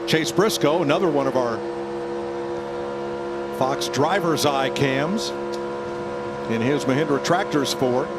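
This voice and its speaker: A man calling a car race play-by-play in quick clipped phrases. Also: on the high side. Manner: brisk, names drivers in quick clipped phrases. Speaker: play-by-play announcer. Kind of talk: race commentary. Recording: loud race car engine noise behind.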